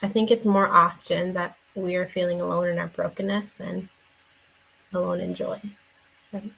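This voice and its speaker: A woman's voice: lowish voice, little pitch movement, normal speed, creaky, fairly bright tone, slight background noise, low-quality recording. A young woman giving a casual devotional talk in an earnest, conversational way, with many fillers and restarts. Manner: earnest, shares personal story. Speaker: faith vlogger and parent.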